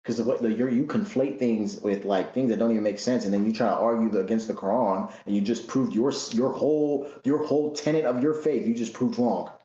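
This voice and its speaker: Animated man in a lo-fi echoey room. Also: mid-range voice, a little fast, few pauses. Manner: animated, rough casual slang, repeats himself. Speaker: religious commentator. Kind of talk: casual monologue.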